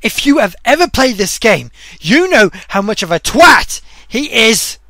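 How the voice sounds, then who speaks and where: A game reviewer giving gameplay commentary, ranting loudly and swearing at the game. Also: medium pitch, sing-song, a little slow, no echo. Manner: loud profane ranting at the game. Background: game music.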